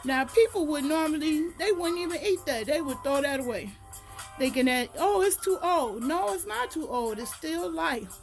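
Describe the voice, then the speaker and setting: A woman's voice: high voice, animated, normal speed, soft background music. A woman filming a casual gardening vlog in her house, chatting to viewers and sometimes out of breath. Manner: chatty, talks to viewers as y'all. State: out of breath at times. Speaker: gardening vlogger. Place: house and grow room, indoors. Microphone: handheld camera, then set down.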